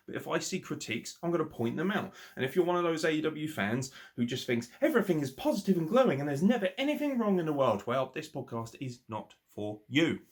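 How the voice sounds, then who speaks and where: A man running his own wrestling podcast, ranting and praising by turns. He talks in a loose, animated way, swears freely and slips into mocking impressions. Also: medium pitch. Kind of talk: casual opinionated review.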